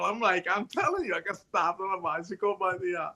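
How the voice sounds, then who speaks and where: A man in his late fifties, a retired hostage negotiator, telling stories in a casual chat, animated and full of restarts and voiced quotes. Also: high-pitched, fairly quick. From United States. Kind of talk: casual storytelling.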